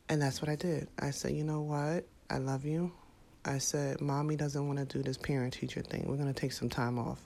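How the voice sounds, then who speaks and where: A mother vlogging to camera speaks casually and from the heart, reflective and halting, with many fillers and restarts. Her voice is low with a darkish tone.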